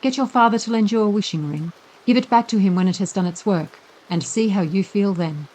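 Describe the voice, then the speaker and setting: A woman reading a classic children's fantasy as a slow, gentle bedtime audiobook. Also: medium pitch, poor audio. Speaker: narrator.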